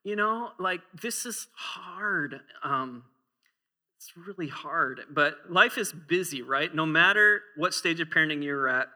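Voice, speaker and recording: A man's voice: on the high side, expressive, a little slow, sharp tone. A man in his forties preaching a sermon in a church, conversational and humorous, often asking the congregation questions.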